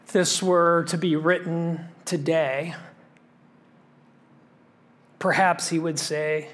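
A man preaching a sermon as a pastor, emphatic, repeating phrases for rhythm and sometimes dropping to a hush. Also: fairly high pitch, level tone, takes it slowly, long pauses.

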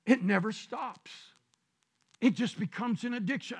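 A man preaching a sermon as pastor, shouting his points and drawing out scripture verses slowly. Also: very high voice, very animated, husky. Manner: preaching with shouted emphasis and drawn-out scripture reading.

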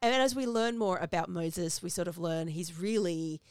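A woman's voice: lowish voice, moderate pace, clear, resonant tone, no echo, studio quality. A woman co-hosting a podcast, chatting casually as she recaps a film's plot. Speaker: podcast co-host. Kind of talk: casual movie discussion.

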